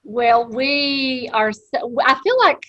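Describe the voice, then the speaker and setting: A woman's voice: high voice, lively intonation, slow pace, no room sound, lo-fi sound. A woman hosting a podcast interview, enthusiastic and effusive toward her guest. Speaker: podcast host. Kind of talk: casual interview chat.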